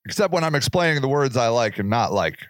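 A man's voice: medium pitch, very animated, fast, no room sound, studio quality. A man in his forties hosting a solo podcast, rambling and joking in casual talk and swearing freely. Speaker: podcast host.

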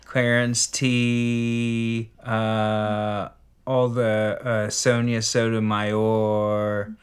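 A man's voice: fairly low pitch, flat delivery, extremely slow, clean tone. A man chatting casually with dry, wry humor. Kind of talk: casual chat.

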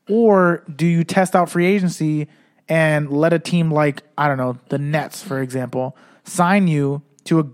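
Slightly high-voiced guy rambling on a sports podcast, swears a lot, been drinking. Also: darkish tone. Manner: rambling, profane, many restarts. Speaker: podcast co-host. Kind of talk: casual sports chat.

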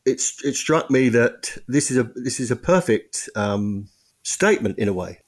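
Halting, thoughtful man. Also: mid-range voice, lively intonation. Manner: thoughtful, halting, frequent restarts. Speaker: author and guest. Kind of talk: podcast interview.

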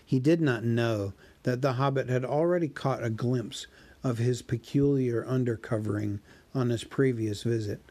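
A man reading a classic novel aloud in a measured narrating voice. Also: mid-range voice, warm tone. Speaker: reader.

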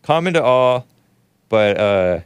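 A male talk show host riffing casually on a livestream, reading chat comments, laughing often and jumping up in pitch when mock-surprised. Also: expressive, slow, clean tone, no room sound.

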